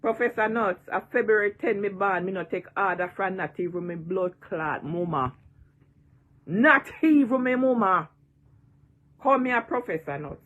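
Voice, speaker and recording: A Jamaican woman in her sixties delivers a vlog rant with a bright, forceful edge to her voice. She taunts and repeats her jeers over and over, cursing freely as she goes. Her pitch sits in an ordinary middle range. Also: measured pace, dull audio. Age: 60s. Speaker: online personality. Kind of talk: ranting vlog.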